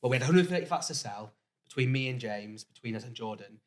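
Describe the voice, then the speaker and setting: A man who is a company managing director, chatting casually with his guest and chiming in with quick agreement. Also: medium pitch, expressive. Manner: quick, agreeable, chips in often. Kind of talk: casual interview chat.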